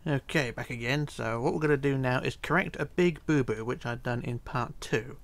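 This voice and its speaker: Tired man with a gravelly voice. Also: medium pitch, normal speed, no echo. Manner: relaxed, counting blocks under his breath, drops to near whisper. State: tired, yawning. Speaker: tutorial host. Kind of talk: casual game tutorial narration.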